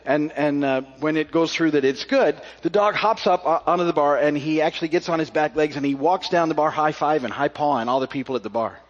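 A man's voice: on the high side, brisk, hardly any pauses. A man preaching a sermon as pastor, telling a story in a folksy way with many fillers and restarts before reading scripture. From South Florida. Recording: muffled recording with long hall reverb.

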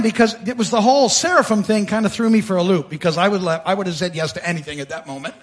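A man's voice: high voice, fast talker. A male pastor preaching a sermon, telling the story with animation, acting out voices and often restarting his sentences. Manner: frequent fillers and repeated starts.

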